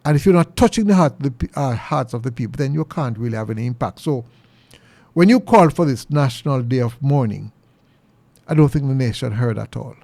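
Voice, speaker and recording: Gravelly Jamaican man giving opinions. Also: lively intonation, fairly quick, mellow, no room sound. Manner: earnest and preachy, pitch jumps high for emphasis. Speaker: commentary show host. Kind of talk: opinion monologue.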